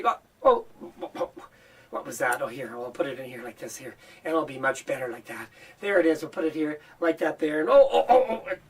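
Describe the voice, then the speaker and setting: A man demonstrates a children's magic routine in an animated, playful way, talking as if to kids and frequently exclaiming a mock-surprised "oh, oh" or "uh-oh." His voice is on the high side and slightly rough, caught by a distant mic.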